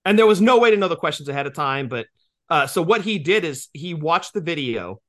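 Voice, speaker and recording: Man in his 40s, podcast co-host, bright tone, slightly high voice, joking banter. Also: lively intonation, fairly quick. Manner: joking, profane, explains at length.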